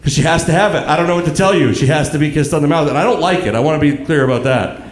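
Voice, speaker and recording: A man in his thirties performing a stand-up comedy set, telling dark stories in a deadpan way with asides to the audience. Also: on the high side, very fast. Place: comedy club stage, live audience. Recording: echoey club room with crowd laughter.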